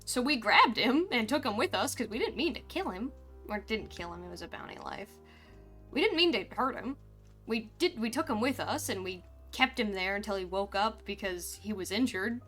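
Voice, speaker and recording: Woman, streamer, in-character roleplay storytelling, animated, frustrated, swears, middle pitch. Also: normal speed, soft background music.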